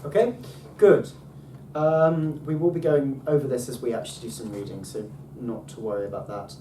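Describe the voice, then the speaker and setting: A man teaching a casual language lesson with enthusiasm, often pausing on ums and restarting his sentences. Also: mid-range voice, mellow. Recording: roomy, distant mic, faint background noise.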